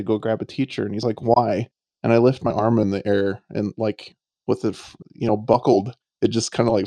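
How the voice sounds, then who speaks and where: Gravelly, mellow man telling stories. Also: mid-range voice, dry recording. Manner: swearing, laughing, acts out quoted voices. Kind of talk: casual storytelling chat.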